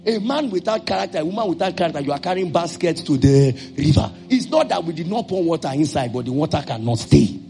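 A male pastor with a Nigerian English accent preaching a sermon, acting out little dialogues and breaking into sudden shouts. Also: on the high side, lively intonation, fast, hardly any pauses, faint music behind.

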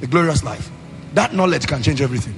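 A man with a Nigerian accent preaching a sermon as pastor, in a sing-song cadence that rises into shouted emphasis. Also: a little high, animated, quick pace, creaky. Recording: long hall reverb, faint music.

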